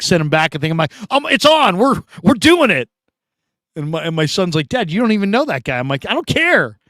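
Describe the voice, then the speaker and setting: A middle-aged man from California hosting a sports show, chatting casually through live comments and telling stories with animated quoted voices. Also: on the high side, no echo, studio quality. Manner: animated storytelling, laughs often, acts out quoted voices.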